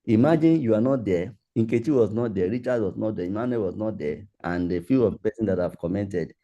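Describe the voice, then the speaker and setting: A male workshop facilitator answers questions in an online session held over video call, and the recording sounds muffled. His low, deeply mellow voice is brisk, and his talk stays loose, chatty, and repetitive.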